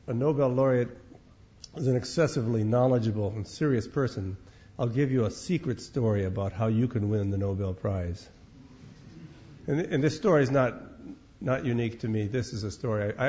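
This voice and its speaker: An older man from Minnesota gives a storytelling lecture, wry and unhurried, often repeating words as he goes. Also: mid-range voice, a little mellow, muffled recording. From Minnesota, United States.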